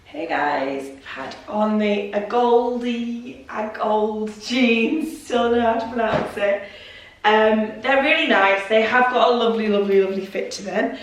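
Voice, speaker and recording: A woman's voice: a little high, steady tone, normal speed. A young woman chatting casually in a try-on vlog, repeating "really" for emphasis. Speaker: fashion vlogger. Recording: roomy and distant with faint noise.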